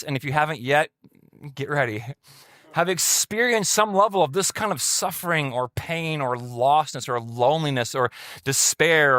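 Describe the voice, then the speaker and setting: A man's voice: on the high side, dry recording, studio quality. A man preaching a sermon as a pastor, telling a personal story in a conversational way and acting out quoted people in a raised voice. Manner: conversational, animated quoting of others in raised voice. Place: church setting.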